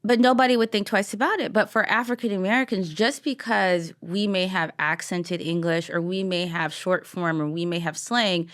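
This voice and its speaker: A woman co-hosting a podcast in casual chat, animated and opinionated, laughing often. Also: fairly low pitch, normal speed, hardly any pauses. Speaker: podcast co-host.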